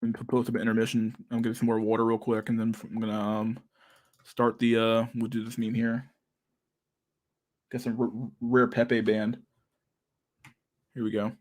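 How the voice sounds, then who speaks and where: A young man talks through a casual livestream chat. His speech is loose, full of slang and swearing, and his tone is sarcastic. His voice sits at an ordinary middle pitch for a man. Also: monotone, moderate pace, pauses often. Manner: profane, slangy, laughing, sarcastic. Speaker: livestream host.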